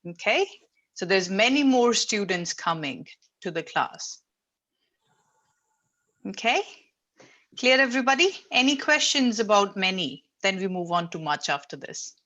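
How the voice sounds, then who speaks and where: A woman's voice: mid-range voice, expressive, a little slow, long pauses, bright, forceful tone, muffled recording. Patient woman teaching an online class. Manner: patient, explaining step by step with frequent fillers. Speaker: English teacher. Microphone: video call.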